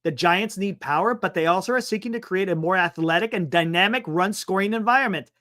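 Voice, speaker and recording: A man hosting a sports talk livestream, reading an article aloud and breaking off for quick excited asides. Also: sits high. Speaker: sports talk show host. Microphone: streaming setup microphone.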